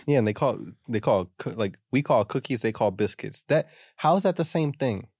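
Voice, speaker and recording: A young American man riffing in a casual chat, full of slang and playful rants. His voice sits at a middle pitch and sounds close and dry, with no room around it. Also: animated, moderate pace, darkish tone, breathy edge, no room sound. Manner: joking, ranting, heavy slang.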